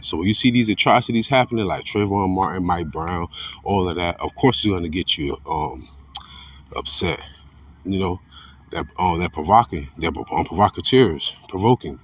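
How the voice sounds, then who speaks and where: A man giving an informal religious commentary monologue. He is blunt and profane, repeats himself, and swings between fired-up outbursts and low muttering. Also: moderate pace, distant mic.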